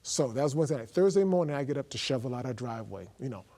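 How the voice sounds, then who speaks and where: A man, a guest on a faith program, telling his testimony as a lively story and acting out both sides of a dialogue. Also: medium pitch, very fast. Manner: acts out dialogue, swinging from loud to hushed.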